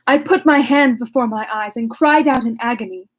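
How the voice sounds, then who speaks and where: A woman's voice: high voice, normal speed, few pauses. A woman reading a classic novel aloud, breaking off now and then for wry, joking asides. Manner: wry asides, laughs at herself. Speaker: reader.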